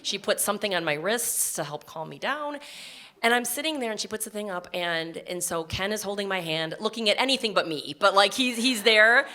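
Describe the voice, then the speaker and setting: Woman, live stage storytelling, crisp bright tone, earnest and conversational. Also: medium pitch, lively intonation. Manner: conversational, earnest, with quick restarts. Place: live stage before an audience.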